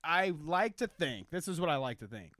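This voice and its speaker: A man's voice: on the high side, sing-song, normal speed, fairly bright tone, dry recording, studio quality. A man with a Midwestern American accent co-hosting a podcast in casual chat, rambling, laughing often and swearing freely. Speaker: podcast co-host.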